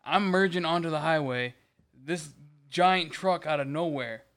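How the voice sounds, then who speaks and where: Brief: young male co-host, somewhat high and clear voice, easygoing and swearing. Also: a little slow, fairly bright tone. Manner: laid-back, profane banter. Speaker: podcast co-host. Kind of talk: casual podcast chat.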